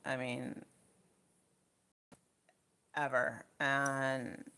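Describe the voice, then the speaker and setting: A woman's voice: very deep voice, flat delivery, drawn-out words, gravelly, bright, forceful tone, clear, resonant tone. A middle-aged woman chatting casually on her livestream, rambling and out of breath, thanking viewers by name. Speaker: livestream host.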